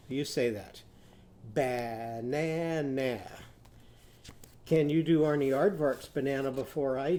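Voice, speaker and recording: A man teaching young children a phonics lesson, patiently prompting them to repeat after him and sounding out words slowly. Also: medium pitch, darkish tone. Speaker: literacy teacher.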